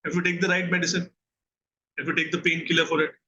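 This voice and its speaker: The man's fairly high voice barely moves in pitch and comes fast with a sharp tone, over slight background noise on a rough recording. With an Indian English accent, he's a therapist giving an earnest mental health lesson, often asking listeners questions and checking in.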